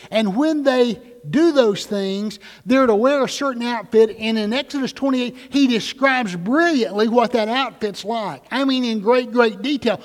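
A middle-aged man preaches a sermon in a church sanctuary, his voice sitting notably high for a man. He builds earnestly toward emphatic, drawn-out peaks. The sound carries a long reverb from the hall. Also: a little mellow. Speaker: pastor.

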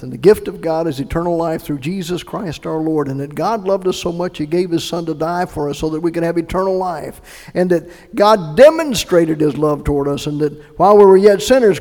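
A middle-aged man preaching a sermon and telling his own conversion story, earnest and moving between hushed recollection and emphatic appeals. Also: fairly high pitch. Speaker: pastor. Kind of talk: sermon with personal testimony. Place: church sanctuary. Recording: echoey hall reverb.

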